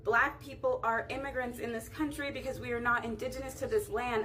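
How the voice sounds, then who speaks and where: A woman with a somewhat high voice talks fast and insistently. Each statement is declarative. Faint ambience can be heard behind her. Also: steady tone, a bit bright, a little hiss or hum.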